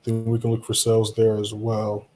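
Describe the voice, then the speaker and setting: A man hosting a live stream in a relaxed, reassuring way, chatting to viewers and answering their comments. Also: on the low side, normal speed, faint music behind. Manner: relaxed, reassuring, talks straight to viewers with frequent "you know" and "right?".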